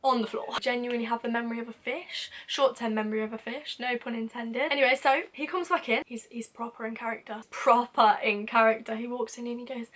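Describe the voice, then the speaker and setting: A young woman telling a funny story to camera in a casual, lively way, acting out what people said. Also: a little high, a little fast, hardly any pauses. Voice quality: lively, acts out quoted lines with sudden whispers and laughs. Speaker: vlogger.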